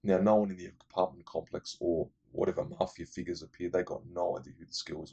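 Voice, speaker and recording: A man's voice: low-pitched, steady tone, quick pace, creaky, hardly any pauses, mellow, breathy edge, muffled recording. A man rambling enthusiastically through casual film recommendations, full of fillers. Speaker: movie reviewer.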